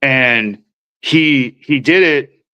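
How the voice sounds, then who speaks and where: A man's voice: medium pitch, extremely slow, bright, forceful tone, clear, resonant tone, poor audio. A man from Minnesota telling his recovery story as a podcast guest, rambling and slangy, acting out what people said. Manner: rambling, slangy, acts out quoted voices. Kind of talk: casual storytelling.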